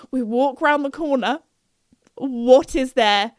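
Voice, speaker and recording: Chatty young woman rambling on her podcast, kinda high voice, dry close sound. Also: slow, no echo. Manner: bubbly, rambling, full of "like" fillers. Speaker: podcast host. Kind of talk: casual chat.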